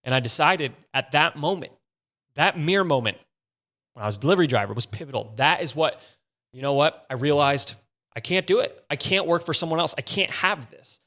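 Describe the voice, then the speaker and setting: A man's voice: a little high, expressive, brisk, sharp tone. A young man hosting a podcast, telling a personal story in a casual, profane and emphatic way. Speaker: podcast host.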